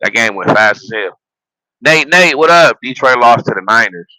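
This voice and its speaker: A man on a loose, profane football rant, full of laughs and restarts. His voice is bright and forceful, and it sits dry and close with no room sound. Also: mid-range voice, normal speed, no echo, rough recording. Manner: animated, profane, laughs at his own jokes; repeats phrases and restarts while building a point. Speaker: sports vlogger and football fan. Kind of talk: casual sports rant.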